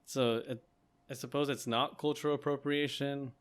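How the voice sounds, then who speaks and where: A man co-hosting a casual podcast, talking things through in a measured, self-questioning way. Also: medium pitch, steady tone, clean tone. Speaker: podcast co-host. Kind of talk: casual chat.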